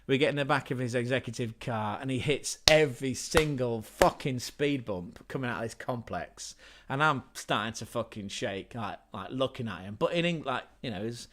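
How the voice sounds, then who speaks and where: A man's voice: medium pitch, lively intonation, moderate pace, few pauses, fairly bright tone, a little hiss or hum. An English man hosting a livestream, telling a rambling anecdote in casual, sweary speech with frequent self-corrections. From England. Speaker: livestream host.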